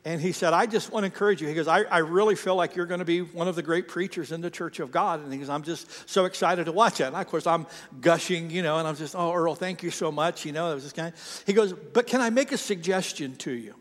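High-voiced pastor preaching in a reverberant hall. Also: male voice, fast, few pauses. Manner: storytelling, self-deprecating and chatty. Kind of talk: sermon. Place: church sanctuary.

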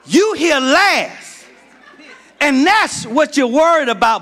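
A middle-aged man from Georgia preaching a sermon as pastor, building to shouts and calling out to the congregation. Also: very high voice, expressive, a little slow, some chatter behind. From Georgia, United States.

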